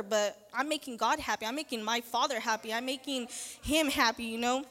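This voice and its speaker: A woman with a somewhat high voice gives an earnest, halting testimony in church, circling back with fillers and repeats. Her words ring out with a long reverb from the church hall. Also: a bit bright. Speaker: church member giving testimony.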